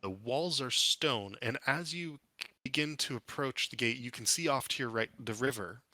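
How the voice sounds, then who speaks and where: A man's voice: mid-range voice, normal speed, bright, forceful tone, no echo. A man narrating as dungeon master, describing scenes with frequent fillers and restarts. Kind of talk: narrating a tabletop game.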